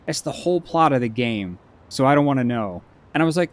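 A man in easy conversation as a stream co-host, storytelling with lively voices for the people he quotes. His pitch sits at an ordinary middle height, and he rambles with cheerful restarts. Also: fast talker, hardly any pauses. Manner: animated storyteller, acts out friends' lines. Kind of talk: casual chat.

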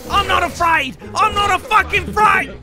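A man yelling in panic while playing a game with friends. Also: very high-pitched, moderate pace. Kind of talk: gaming banter. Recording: loud game music behind.

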